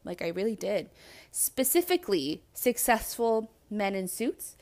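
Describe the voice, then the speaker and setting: A woman hosting a podcast, talking alone in a blunt, animated and self-reflective way and swearing freely. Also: mid-range voice, a little slow. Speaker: podcast host. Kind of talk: candid solo monologue.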